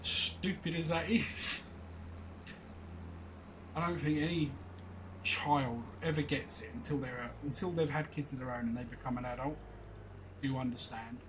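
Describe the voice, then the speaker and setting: A man's voice: mid-range voice, fairly even intonation, unhurried, pauses often, background noise. A middle-aged English man, streaming a game and chatting casually, rambling through exasperated stories with laughs. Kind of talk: casual chat while gaming.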